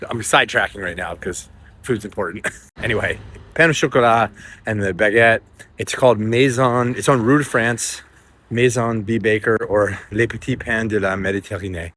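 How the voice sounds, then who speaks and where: A man's voice: fairly low pitch, sharp tone. A middle-aged man from the United States telling a story in a casual, rambling vlog, with fillers and asides, recorded outdoors in the wind. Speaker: vlogger. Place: outdoors in a windy town. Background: faint wind noise.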